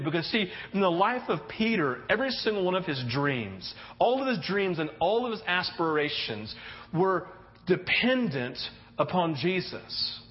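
High-voiced man preaching a sermon. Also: normal speed, breathy edge, long reverb tail. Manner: animated storytelling with frequent restarts. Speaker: pastor. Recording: muffled lo-fi recording.

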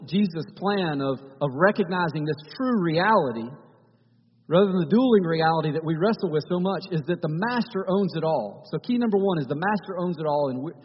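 A man with a high, husky voice preaches a conversational sermon in a church. His phrases often restart as he talks. The recording is dull and carries a long hall reverb. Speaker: pastor.

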